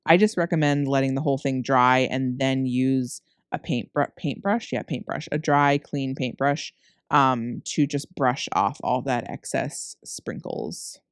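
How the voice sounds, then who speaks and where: A woman's voice: very deep voice, measured pace, clean tone, no echo, studio quality. A woman narrating her cookie decorating tutorial as a casual, rambling voice-over, tired from recording late at night and laughing at her own slips. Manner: chatty, rambling, self-correcting, laughs at herself. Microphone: close microphone.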